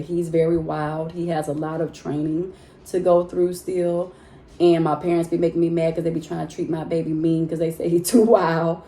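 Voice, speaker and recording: Speaking to her vlog audience in a low, mellow voice, a woman chats casually, animated and talkative, laughing easily and calling her viewers "y'all." The home room she records in gives her voice a roomy echo.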